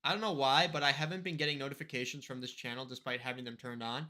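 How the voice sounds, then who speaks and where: A man's voice: medium pitch, fairly even intonation, quick pace, bright, forceful tone. A male streamer casually commenting on a game live, swearing and thinking aloud.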